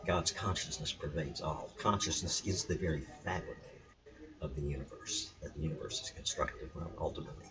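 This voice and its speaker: A man's voice: a bass voice, steady tone, a little fast, recorded from a distance, crowd noise. A man teaching about scripture in an earnest, emphatic way that repeats its points. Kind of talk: spiritual teaching talk. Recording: dull lo-fi sound, mic set back.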